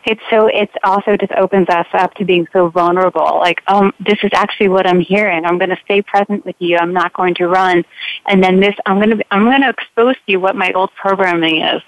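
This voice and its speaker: A woman's voice: mid-range voice, steady tone, a little fast, dry recording. A woman hosting a podcast, talking in a reflective, affirming way in casual conversation. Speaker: podcast host. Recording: dull, dry lo-fi sound.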